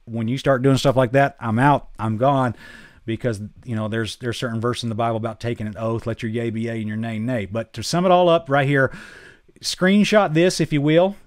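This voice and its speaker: A man with a Southern accent speaks as a preacher hosting his own show, in a mid-pitched, earnest voice. He talks casually, sinking low and soft when he drives a point home. The sound is close and dry. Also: steady tone, normal speed, no echo. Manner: earnest, drops low and quiet to stress points.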